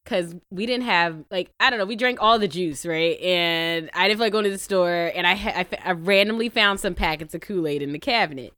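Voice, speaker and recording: A woman in her thirties co-hosting a casual chat podcast, telling animated stories, laughing often and acting out what people said. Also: on the low side, fairly quick, few pauses, no room sound, clean studio sound. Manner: animated storyteller who laughs often and acts out quotes. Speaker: podcast co-host.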